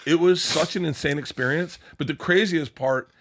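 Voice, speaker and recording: A man's voice: on the high side, normal speed, a little hiss or hum. A man co-hosting a podcast, telling a wild story in a loose, profane, rambling way, full of restarts. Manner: animated, profane, rambling anecdote with many restarts. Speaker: podcast co-host. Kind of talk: casual comedic storytelling.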